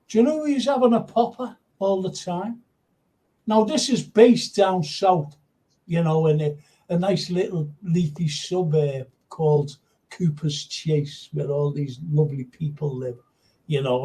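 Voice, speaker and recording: A man's voice: high voice, mellow, low-quality recording. A man hosting a casual live football chat, rambling and reading out viewer comments. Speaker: host.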